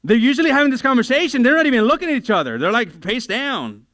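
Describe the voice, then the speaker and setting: A man preaches a sermon with a clear, smooth, high-pitched voice. He is animated and humorous, slipping into quick voices to act out everyday conversations. The sound is close and dry. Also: no echo. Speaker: pastor. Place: church.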